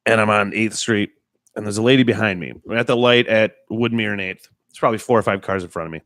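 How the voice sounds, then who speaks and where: A man's voice: lowish voice, fast talker, a bit bright, dry recording, studio quality. A man hosting a casual podcast chat who tells stories and makes crude, profane jokes. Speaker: podcast host.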